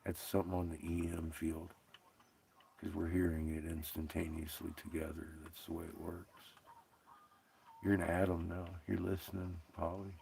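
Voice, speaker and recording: Gravelly rambling man streaming. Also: low voice, little pitch movement, moderate pace, warm tone, slight background noise. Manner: rambling, profane, laughs often. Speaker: livestream host. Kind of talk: casual livestream chat.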